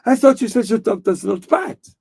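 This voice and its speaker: A man's voice: very high voice, animated, normal speed, creaky, darkish tone, slightly rough, pitched above the performer's own voice, exaggerated voice. A man doing a bumbling French inspector. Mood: mock-polite. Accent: put-on French. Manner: exaggerated clumsy mock-French delivery.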